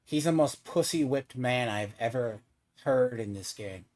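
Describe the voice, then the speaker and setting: A man's voice: mid-range voice, a little slow, a little mellow. A man streaming a game, trash-talking and mocking another player in casual, swearing chat. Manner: taunting, mocking, swears freely.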